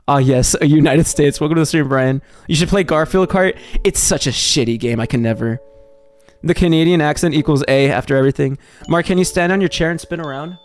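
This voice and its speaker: Rambling young man, slightly high voice. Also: fairly quick, faint music behind. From Texas. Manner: rambling, heavy on fillers and restarts. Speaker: live streamer. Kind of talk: casual live-stream chat, reading viewer messages.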